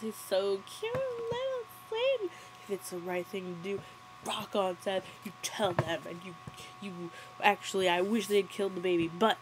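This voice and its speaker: A woman's voice: fairly low pitch, a little hiss or hum, rough recording. Giggly sarcastic young woman. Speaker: movie commentator. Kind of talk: casual running movie commentary.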